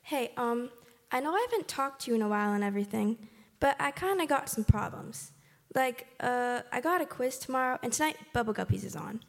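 A woman's voice: fairly high pitch, expressive, brisk, gravelly. An actress playing a slacker teenage girl who casually asks God for favors in a flippant, filler-heavy way, in a comedy sketch.

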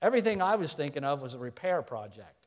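Man, middle-aged, high voice, preaching, earnest, conversational, rhetorical questions. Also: sing-song, quick pace. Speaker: pastor. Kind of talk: sermon.

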